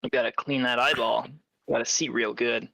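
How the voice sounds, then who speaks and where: A man narrating as game master of a tabletop role-playing game, with lively, descriptive storytelling. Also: mid-range voice, brisk, vocal fry, dry recording, poor audio.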